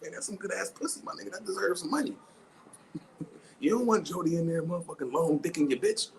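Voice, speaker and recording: A man's voice: on the high side, quick pace, creaky, background noise. A man from the United States hosting a casual chat, telling a story in a profane, rambling way. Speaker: host.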